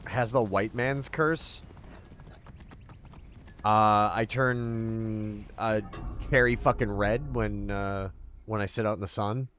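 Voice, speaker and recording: A man's voice: on the low side, steady tone, takes it slowly, long pauses, a bit bright, slight background noise. A man chatting casually on a game livestream, playful and rambling, swearing freely as he talks to his chat. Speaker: streamer.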